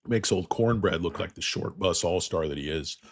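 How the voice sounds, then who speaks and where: A man with a hoarse voice from getting sick, hosting a casual livestream about stocks. He rambles, jokes crudely and talks to his viewers. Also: deep voice, normal speed, no room sound, clean studio sound. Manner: rambling, crude, joking asides. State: losing his voice, feeling sick. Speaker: stock market livestream host.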